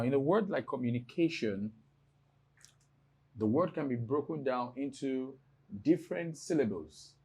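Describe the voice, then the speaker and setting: A man from Nigeria teaching an exam prep English lesson, explaining slowly and spelling words out letter by letter. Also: mid-range voice, mellow. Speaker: English tutor.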